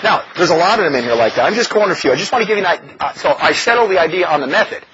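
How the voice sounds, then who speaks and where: A man preaching a sermon in an animated, mocking way, often laughing as he talks. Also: a little high, rapid-fire. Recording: dull lo-fi recording with faint noise.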